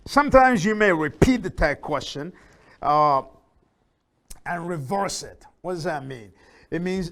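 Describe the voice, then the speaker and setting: A man teaching an English grammar lesson, reading example sentences slowly and repeating them for learners, with fillers and small self-corrections. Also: on the high side, animated, a bit bright. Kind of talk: slow, deliberate lesson explanation.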